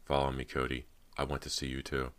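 A man voicing the ghost of a dead girl, speaking in a quiet, icy, hard way in an audiobook. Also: very deep voice, monotone, fairly quick. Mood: cold, luring.

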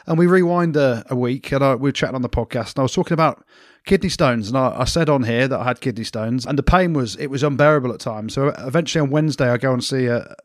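A man's voice: medium pitch, fast talker, dry recording, studio quality. A man cohosting a podcast, telling a self-mocking story in casual banter and laughing often. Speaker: podcast co-host.

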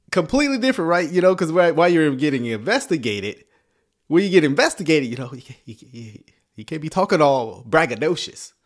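A man hosting a casual video commentary, talking with lots of fillers, laughs and sarcastic asides. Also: a little high. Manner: chuckling, sarcastic, full of fillers. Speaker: commentary host.

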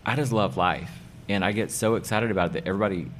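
This is a man with a low, deep voice, speaking as a hairdresser who owns his own salon. He talks in a casual, energetic way and hammers home his advice by repeating key words. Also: quick pace, slight background noise. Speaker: hairdresser and salon owner, guest. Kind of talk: casual interview talk.

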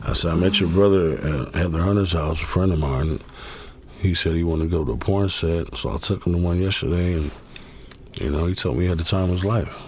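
A man's voice: deep voice, a little fast, darkish tone. A man guest telling a long story in a laid-back, profane way, full of fillers. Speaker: interview guest. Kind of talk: casual storytelling.

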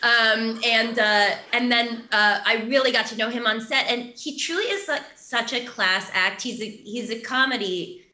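A woman's voice: fairly high pitch, moderate pace, few pauses, sharp tone, reverberant. A woman giving a casual, chatty interview, full of fillers and giggly asides. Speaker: actress interviewee.

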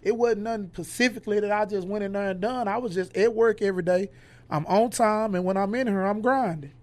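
A man's voice: high-pitched, fairly quick. A man, a podcast guest, speaking casually and animatedly as he tells stories and acts out what other people said. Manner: animated storyteller who acts out others' lines. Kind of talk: casual conversation, storytelling.

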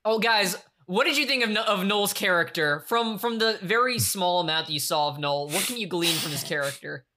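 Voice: medium pitch, lively intonation, brisk, hardly any pauses, noisy background. Upbeat podcast co-host over clicks. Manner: upbeat, throws in quips and questions. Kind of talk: casual chat recapping a TV episode.

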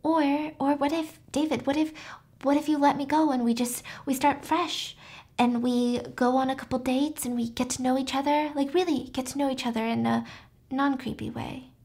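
A woman's voice: sits high, steady tone, normal speed, a little mellow. A woman quoting a scheming young patient. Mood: persuading. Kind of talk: casual recap with quoted lines.

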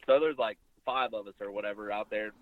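A young adult man telling a long hunting story in a casual interview, rambling and animated, acting out the things people said to him. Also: fairly low pitch, brisk, no echo. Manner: rambling, animated retelling with quoted dialogue. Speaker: bowhunter guest. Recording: phone-like line, very dry.

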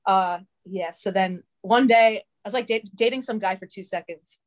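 Speaking at normal speed in a mid-range voice, a young adult woman rambles casually through a long story. Her talk is profane and heavy with "like" as filler.

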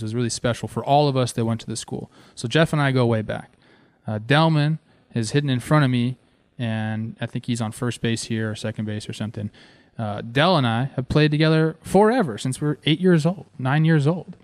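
A man in his thirties from Southern California recounts his playing days while talking over game footage. He speaks in an animated, excited way and keeps dropping "man" into his sentences. His mid-range voice sounds dry and close. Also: medium pitch, no room sound. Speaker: former pro baseball player hosting a video series.

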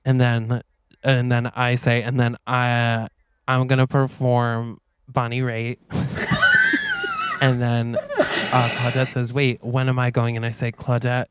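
A man's voice: medium pitch, monotone, slow pace, shouting, very noisy. A man co-hosting a podcast, telling an improvised story in casual chat and acting out the dialogue. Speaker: podcast co-host.

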